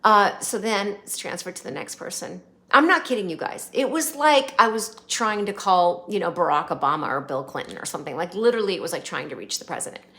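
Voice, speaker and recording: A woman's voice: on the low side, expressive, brisk, hardly any pauses, bright, forceful tone. Chatty woman spinning a rambling anecdote. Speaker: channel host. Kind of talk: casual storytelling to viewers.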